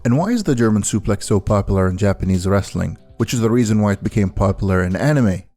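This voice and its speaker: A man giving a scripted video-essay narration as the host, counting down a list in a steady delivery over faint background music. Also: lowish voice, fast. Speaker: anime and wrestling video host.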